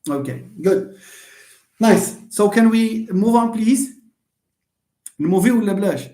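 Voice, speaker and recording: A man's voice: high voice, lively intonation, normal speed, warm tone, roomy sound. A Moroccan man lecturing on phonetics in a live online class, demonstrating sounds and joking with his students. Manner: switches between English and Moroccan Arabic, jokes with students, demonstrates sounds. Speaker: university lecturer.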